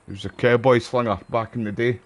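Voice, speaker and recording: A man's voice: medium pitch, fairly even intonation, fast talker, a little hiss or hum. Chatty Scottish man streaming. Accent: Scottish, West Lothian. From Scotland. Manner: friendly, chatty, sweary slang. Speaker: live streamer. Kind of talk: casual chat over gameplay.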